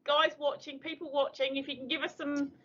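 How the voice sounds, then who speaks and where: A woman's voice: high voice, level tone, fairly quick, fairly bright tone. A woman in her fifties or sixties with a South London accent, co-hosting a casual livestream chat and rambling hesitantly with lots of fillers. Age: 50s or 60s. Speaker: livestream co-host. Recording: dull lo-fi stream audio.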